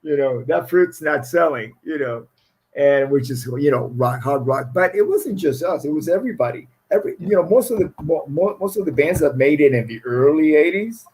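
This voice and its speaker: A man's voice: on the high side, animated, fairly quick, a little mellow, husky, rough recording. A middle-aged man with a foreign accent, a guest musician telling stories in a rambling, laughing way, often restarting his phrases. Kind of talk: casual storytelling interview.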